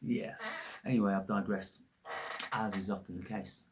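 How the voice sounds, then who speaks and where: A man's voice: deep voice, little pitch movement, normal speed, darkish tone. A man hosting his own channel, ranting in a scornful, heavily profane monologue. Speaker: channel host.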